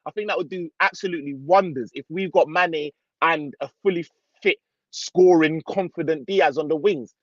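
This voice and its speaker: A young man hosting a casual live football stream, reading out viewer comments in relaxed slang. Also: on the high side, moderate pace, dry recording, muffled recording. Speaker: football channel host.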